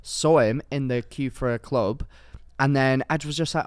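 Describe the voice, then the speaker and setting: Smooth-voiced young man telling stories. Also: medium pitch, a little fast, hardly any pauses, dry recording, clean studio sound. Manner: storytelling with acted-out quotes and frequent laughs. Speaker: podcast co-host. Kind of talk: casual podcast chat.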